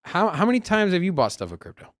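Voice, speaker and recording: A man's voice: high-pitched, quick pace, no room sound, clean studio sound. A man co-hosting a casual crypto news show, talking animatedly with frequent restarts. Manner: animated, restarts often, greets the chat loudly. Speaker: co-host.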